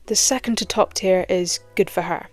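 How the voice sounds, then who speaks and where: Playful British woman, lowish voice. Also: moderate pace, faint music behind. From Britain. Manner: playful, self-mocking, jokey asides. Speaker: horror commentary YouTuber. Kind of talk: scripted casual commentary.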